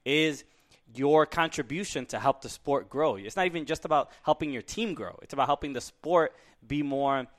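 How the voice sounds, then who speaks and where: A man's voice: fairly high pitch, moderate pace, a bit bright. Hesitant male podcast co-host. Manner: hesitant, many restarts and uh's. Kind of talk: casual podcast chat.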